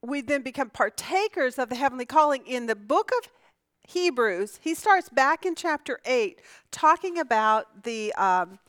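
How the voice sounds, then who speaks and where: Woman, Bible class teacher, fairly high voice, dry close sound, asks questions, restarts sentences. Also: expressive, a little slow, a bit bright, no echo. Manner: asks the class questions and answers them herself; restarts sentences as she thinks aloud. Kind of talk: conversational Bible lesson.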